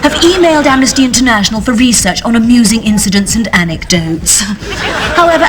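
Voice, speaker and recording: A woman playing a priggish teenage head girl reading her diary aloud in clipped, self-important tones. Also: high-pitched. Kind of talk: comic diary monologue.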